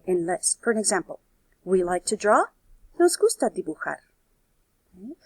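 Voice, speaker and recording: A woman teaching Spanish in a recorded video lesson. Her voice has a gravelly, husky grain, and the recording is close and dry. She explains step by step and keeps checking in with her students. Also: mid-range voice, a little mellow, dry recording.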